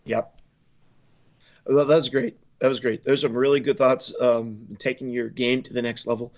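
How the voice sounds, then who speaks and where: A man's voice: mid-range voice, little pitch movement, normal speed. Podcast man with a dull recording. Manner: brief backchannel replies, then wraps up. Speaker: podcast co-host. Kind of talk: casual podcast chat.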